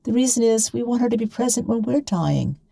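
A woman voicing an outspoken, chatty middle-aged woman activist, brisk and forthright. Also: on the high side, lively intonation, vocal fry, dark tone, no echo, voice pushed up.

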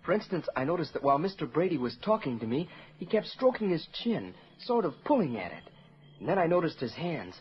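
A bright, lively young frontier lad, polite and earnest, eager to please. It is 1940s radio acting, heard through a dull old broadcast recording. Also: male voice, on the high side, a little fast, slightly rough, full character voice. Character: polite earnest young nephew, teenage boy.

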